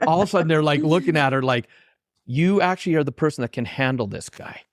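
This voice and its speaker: Guesting on an interview podcast, this author and trainer from Canada speaks fairly quickly in a medium pitch, voicing the lines of people in his heartfelt stories and quoting himself. The studio-quality recording has no echo.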